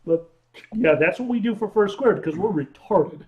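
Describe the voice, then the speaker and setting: Man, high voice, tipsy, excitable, swears a lot, casual stream chat. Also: moderate pace, phone-quality sound. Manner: loud, excitable, swears freely. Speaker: livestream co-host. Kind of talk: casual drinking livestream chat.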